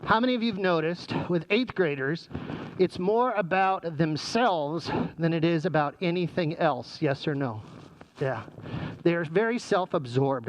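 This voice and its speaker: A man's voice: a little high, rough recording. A man giving a humorous talk to parents, speaking through a face mask and often quizzing the audience with questions. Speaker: presenter speaking to parents, former sixth grade teacher.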